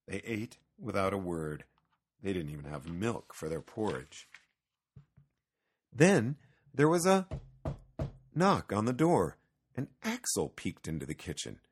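A man narrating a children's storybook reading in a gentle, unhurried way. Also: low-pitched, husky.

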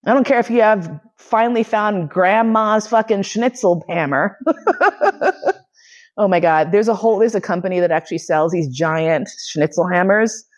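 A woman's voice: mid-range voice, expressive, moderate pace, highs cut off. A woman from New York City hosting a podcast lecture, telling a story in casual, profane talk and laughing often. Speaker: podcast host giving a lecture.

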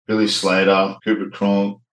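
A man's voice: low voice, completely flat delivery, normal speed, echoey room, poor audio. A man in his thirties with an Australian accent, a former rugby league player talking casually as an interview guest, laid-back, with lots of "like" and "you know".

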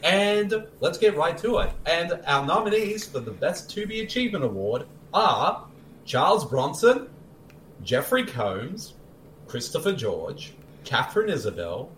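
A man co-hosts a casual podcast, reading out mock award nominees with a lively, bouncing delivery and a touch of showman flair. His voice sits a little high for a man. The room sounds roomy, with a faint hiss underneath. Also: unhurried. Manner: mock-ceremonial, swears playfully, laughs often. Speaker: podcast co-host.

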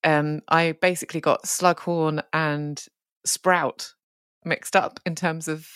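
A woman's voice: deep voice, little pitch movement, slow, fairly bright tone, clean tone, dry recording, clean studio sound. A woman hosting a podcast in casual chat, rambling and chatty with many fillers. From United Kingdom. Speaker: podcast host.

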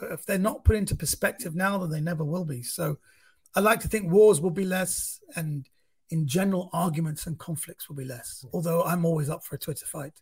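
A comedian in his fifties with a London accent chats with animated energy. His voice is on the higher side with a husky edge. He keeps restarting his sentences as the stories tumble out. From central London. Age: 50s. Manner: animated storytelling with many restarts. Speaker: comedian guest. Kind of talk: casual chat.

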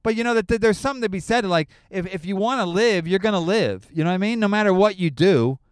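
A middle-aged man with a high, smooth voice rambles through stories, swearing constantly in a loose, animated way. The sound is dry and close, with no room around it. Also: quick pace, dry recording. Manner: profane, rambling, animated storytelling. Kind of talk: casual chat.

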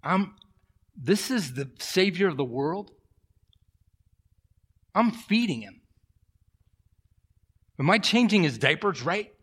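Middle-aged guy pastor preaching, slightly high voice, gets loud then goes real quiet. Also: slow, long pauses, husky. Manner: animated storytelling, swings from loud to hushed. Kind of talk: sermon. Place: church.

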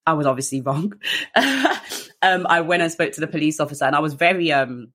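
A woman's voice: low voice, brisk. Chatty woman telling her story. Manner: chatty, frequent fillers, animated quoting, laughs at herself. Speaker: guest. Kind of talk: candid personal storytelling.

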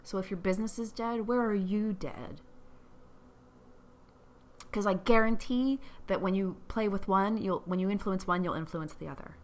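A woman's voice: medium pitch, moderate pace. A woman business coach giving a blunt, profane motivational monologue, repeating her points for emphasis.

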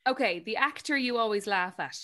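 A woman with an Irish accent hosting a podcast, firing off brisk, upbeat quick-fire questions. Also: fairly high pitch, animated, pushed and bright. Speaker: podcast host. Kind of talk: interview questions.

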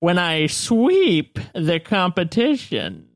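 A crinkly old reptilian man with a smug, coy streak, played by a man as game master. His voice leaps high into squeaky, drawn-out exclamations and swings all over the place. He speaks slowly, savoring each tease. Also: huge pitch swings, heavily acted. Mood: teasing.

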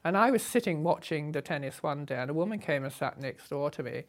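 An older woman from Britain recounting travel memories in a lively, humorous way. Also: low voice, fairly quick. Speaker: storyteller. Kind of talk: recounting a memoir.

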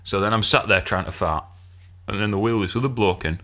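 A man's voice: fairly low pitch, a little fast, bright, forceful tone. A man telling a story in casual podcast chat, swearing and laughing as he goes. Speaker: podcast co-host.

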